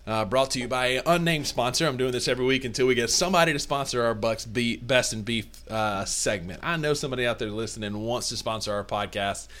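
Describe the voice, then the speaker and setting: A man's voice: medium pitch, quick pace, hardly any pauses, fairly bright tone. A young man with a north Mississippi Southern accent, co-hosting a casual sports podcast with playful trash talk. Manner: playful trash talk, long enthusiastic lists. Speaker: podcast co-host.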